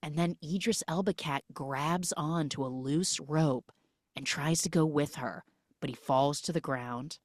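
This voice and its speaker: A woman hosting a podcast, retelling a film with jokey, animated storytelling on a close mic. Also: sits low, measured pace, no room sound. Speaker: podcast host. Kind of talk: comic film recap.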